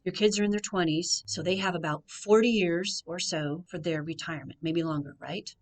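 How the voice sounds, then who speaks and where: A woman from the United States, a financial coach telling a story on a radio show in a measured way, repeating key phrases for emphasis. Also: fairly low pitch, fairly even intonation.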